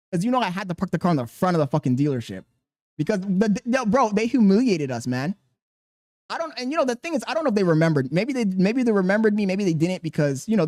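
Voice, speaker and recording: A young man hosting a podcast, telling a profane story in a casual, animated way. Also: sits high, no room sound. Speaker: podcast host.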